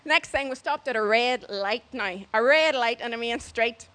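Lively woman telling a story. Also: on the high side, moderate pace. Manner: lively, acts out other people's voices, laughs as she talks. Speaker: storyteller on a church mission trip. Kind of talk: casual spoken storytelling.

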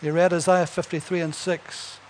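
A man's voice: a little high, little pitch movement, normal speed. A man preaching a sermon, telling Bible stories and building to emphatic punchlines, with chuckles between points.

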